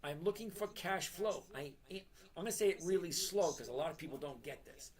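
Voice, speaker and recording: A middle-aged man hosting a trading live stream, talking bluntly to his chat and repeating his points slowly for emphasis. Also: on the high side, darkish tone.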